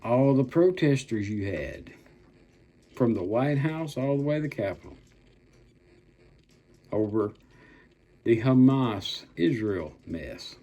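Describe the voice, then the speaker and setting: Gruff older man ranting angrily. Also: mid-range voice, lively intonation, dark tone. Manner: blunt, profane and threatening, with drawn-out emphatic words. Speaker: political commentator. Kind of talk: angry political rant.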